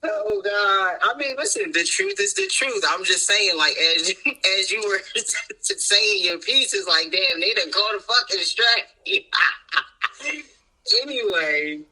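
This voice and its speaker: A man's voice: high voice, expressive, slow, sharp tone, poor audio. A man co-hosting a podcast in casual chat, ranting emphatically with lots of profanity and bursts of laughter. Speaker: podcast co-host.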